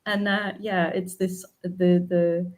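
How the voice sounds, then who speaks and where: A woman's voice: fairly low pitch, level tone, takes it slowly. A woman, an artist guest in an interview, talking hesitantly with many fillers and frequent laughs. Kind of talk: casual interview chat.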